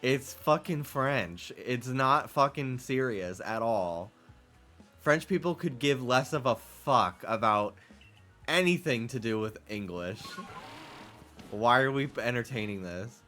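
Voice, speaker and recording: Male streamer, bright and sharp tone, sarcastic rambler, faint background music. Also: medium pitch, lively intonation, slow pace. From United States. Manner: rambling, profane, sarcastic, laughs often. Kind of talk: casual stream chat.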